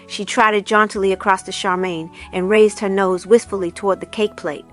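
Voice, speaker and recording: A woman narrating a storybook in a calm, even way, with her voice at a middle pitch. Faint music runs quietly under the reading. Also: normal speed. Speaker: reader. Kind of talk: audiobook narration.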